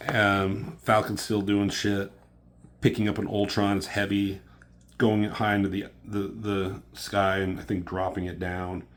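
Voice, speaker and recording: A man casually recapping a comic book issue, swearing often and getting excited, with lots of fillers. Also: lowish voice, measured pace. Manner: profane, excitable, filler-heavy retelling.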